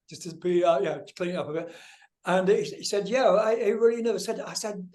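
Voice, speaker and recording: Older male guest, high-ish voice, lively storyteller, swears a lot. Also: brisk. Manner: animated, swears freely, acts out voices in anecdotes. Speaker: guest musician. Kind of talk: casual storytelling interview.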